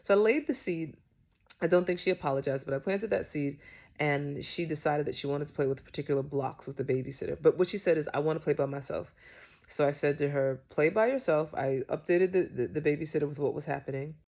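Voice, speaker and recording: Woman, low voice, gravelly texture, casual storytelling, chatty with fillers. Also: a little mellow. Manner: unhurried, chatty with frequent fillers. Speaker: parenting creator.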